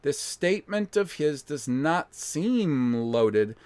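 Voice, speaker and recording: A man's voice: fairly high pitch, sing-song, takes it slowly, a little mellow, clean tone, no room sound. A man hosting a casual live-stream lecture, thinking aloud in a blunt, emphatic way with mild swearing and frequent restarts.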